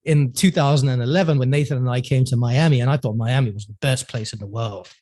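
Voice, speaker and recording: A man's voice: mid-range voice, fast talker, dark tone. Chatty man. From London, England. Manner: chatty, laughs often, many fillers. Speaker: podcast guest. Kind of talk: casual interview storytelling.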